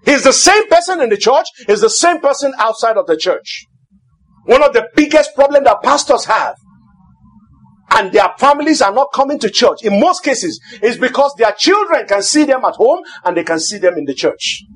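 A man preaching a sermon as pastor, emphatic and repetitive, now and then shouting. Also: very high voice, big pitch swings, moderate pace.

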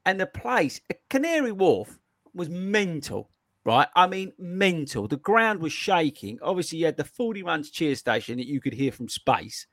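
A man hosting a running podcast, telling stories in an excitable, animated way. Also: sits high, dry recording, studio quality. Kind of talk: casual chat.

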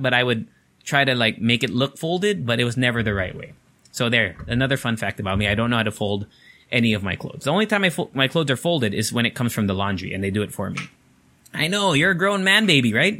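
Bright-voiced man rambling casually. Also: mid-range voice. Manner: profane, rambling, full of fillers. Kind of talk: casual storytelling.

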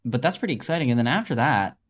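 A man's voice: mid-range voice, lively intonation, fast talker. A young man co-hosting a podcast, chatting casually and often restarting with fillers. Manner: hesitant, filler-heavy. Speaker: podcast co-host. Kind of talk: casual banter.

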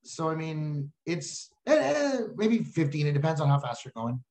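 A man with a Texan accent, a comedian chatting casually and telling animated stories as a podcast guest. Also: fairly high pitch, normal speed. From Texas. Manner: animated storyteller, slips into silly voices.

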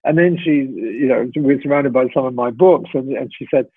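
A man's voice: mid-range voice, moderate pace, husky, no room sound. A middle-aged man telling a story as a podcast guest, chatty and full of fillers and restarts. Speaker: podcast guest, company founder. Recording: tinny phone-like line, dry.

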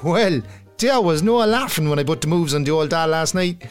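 A man's voice: a little high, expressive, moderate pace, soft background music, close to an everyday voice. A man playing a cheeky working-class Irish caller with a Cork accent, talking in slang, in a comedy sketch. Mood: cocky. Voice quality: slangy, cocky.

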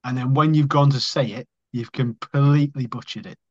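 A man's voice: mid-range voice, fairly even intonation, moderate pace, a little mellow. A man hosting a podcast, asking rambling, easygoing questions in casual chat. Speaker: podcast host. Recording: slightly dull lo-fi sound.

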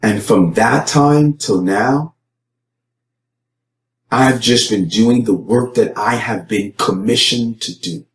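Young adult man, pastor-speaker testimony, earnest storyteller with fillers and restarts, middle pitch, roomy echo. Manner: earnest storytelling, many repeated words and fillers; acts out his own quoted lines with sharp rises in pitch. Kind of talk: personal testimony talk.

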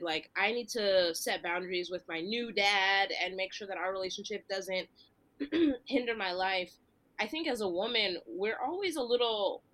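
A comedian and podcast host from Delaware County in the Philadelphia area talks in a mid-range, slightly bright voice. The chat is casual, and she's earnest and reflective, thinking aloud at length.

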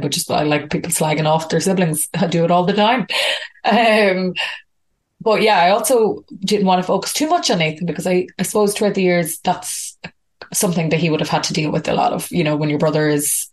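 An Irish woman hosting a podcast, chatting casually and rambling with frequent laughs. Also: on the low side. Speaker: podcast host. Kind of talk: casual podcast intro monologue.

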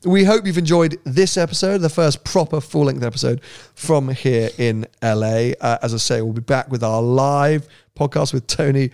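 A man co-hosting a podcast in casual chat, talking freely with frequent laughs and quieter asides. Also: medium pitch, steady tone, moderate pace, vocal fry, few pauses, clear, resonant tone. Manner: chatty, laughs often, trails off into quieter asides. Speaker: podcast co-host.

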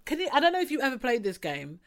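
A woman's voice: high-pitched, very animated, quick pace. A woman hosting a podcast, chatting casually and teasing her co-host. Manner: cheeky, teasing, laughs often. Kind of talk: casual chat.

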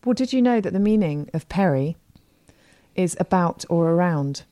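A woman in her forties with a low, mellow voice, chatting on a podcast in a friendly, matter-of-fact way. She uses affectionate slang, and the close studio recording sounds dry. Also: lively intonation, normal speed, dry recording. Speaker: podcast co-host, interiors expert. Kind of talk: casual chat.

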